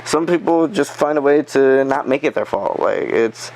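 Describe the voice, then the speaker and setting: A man telling a story in a casual podcast chat, animated, swearing and acting out the quotes. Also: medium pitch, normal speed, slight background noise, low-quality recording. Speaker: podcast guest.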